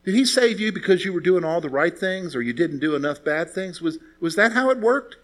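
Male pastor, slightly high voice, conversational sermon full of rhetorical questions and anecdotes. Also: a little fast. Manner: conversational preaching with rhetorical questions, lively storytelling.

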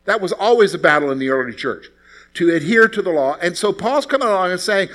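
A male pastor delivers a conversational sermon, telling stories and putting rhetorical questions to the congregation. His voice is high-pitched, expressive and fairly bright, and he talks a little fast.

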